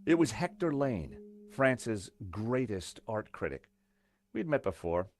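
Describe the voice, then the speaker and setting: A man's voice: medium pitch, sing-song, slow, soft background music. An actor playing a male adventure game hero who narrates his story in a dry, wry way.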